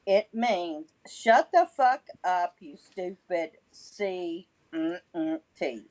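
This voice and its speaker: A woman's voice: lowish voice, expressive, takes it slowly, a little mellow. A woman from Texas with a Texan twang, a guest moderator on a live stream, blunt and cheerfully profane with frequent laughs. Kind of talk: casual stream banter.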